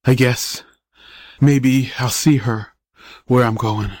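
A man voicing a frail, dying young boy who speaks weakly in slow whispers, brave and a little self-important. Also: mid-range voice, lightly acted. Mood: faint, wistful.

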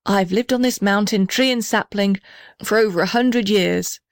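A woman's voice: mid-range voice, moderate pace, no room sound, clean studio sound, lightly acted. A woman voicing an old male gum tree who talks stiffly and severely but has a kind heart.

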